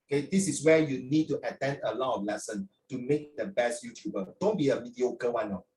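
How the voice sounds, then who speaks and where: A man's voice: medium pitch, a little fast, darkish tone. An older man with a Singaporean accent, a teacher lecturing a class in a chatty way, dropping local particles as he talks. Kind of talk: classroom talk to students. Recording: roomy echo, from far off.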